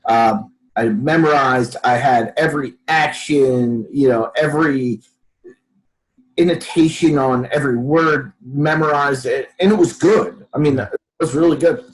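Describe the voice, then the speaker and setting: A man's voice: mid-range voice, unhurried, poor audio. A man telling a story as a podcast guest, acting out other people's lines as he goes. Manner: animated storyteller, acts out quotes. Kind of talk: storytelling in a casual interview.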